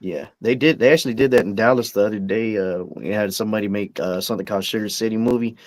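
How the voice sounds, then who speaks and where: A man chatting casually about his projects, easygoing, with halting restarts. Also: on the low side, no room sound. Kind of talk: casual chat.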